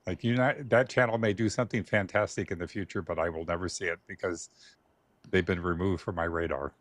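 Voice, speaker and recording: A man joining a casual podcast chat, calm and matter-of-fact. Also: sits low, fairly quick, dry recording.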